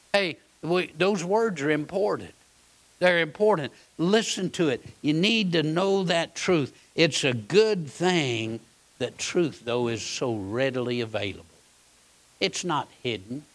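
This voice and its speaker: A man's voice: on the high side, expressive, unhurried. A man preaching a sermon, folksy and emphatic, repeating his points and asking "all right?". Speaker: pastor; Bible college teacher.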